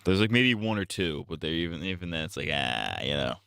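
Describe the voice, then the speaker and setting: A man's voice: low voice, big pitch swings, brisk, vocal fry, bright, forceful tone, a little hiss or hum. A man streaming live, ranting casually in a profane, rambling, blunt way.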